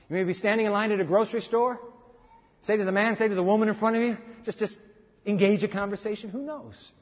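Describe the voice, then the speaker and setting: Middle-aged guy preaching, emphatic and chatty, husky voice, muffled recording. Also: high-pitched, steady tone, brisk, pauses often. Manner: emphatic, conversational preaching with restarts. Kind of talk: sermon. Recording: dull sound with long reverb of a hall.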